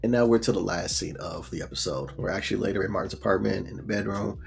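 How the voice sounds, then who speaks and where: A show reviewer gives a casual recap of a sitcom episode, rambling in a laid-back way, packing in fillers and briefly acting out quotes. He talks fast in a fairly low, gravelly voice, with faint music playing behind him.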